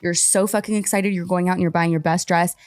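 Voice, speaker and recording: Fast, blunt swearing woman. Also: on the low side, no room sound, studio quality. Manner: blunt, swears freely, animated ranting. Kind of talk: podcast chat.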